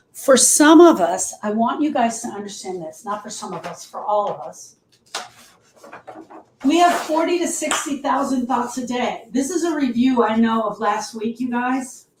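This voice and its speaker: A woman's voice: mid-range voice, darkish tone, reverberant, a little hiss or hum, poor audio. A woman grief coach teaching on a live show, emphatic and repetitive, speaking straight to her listeners.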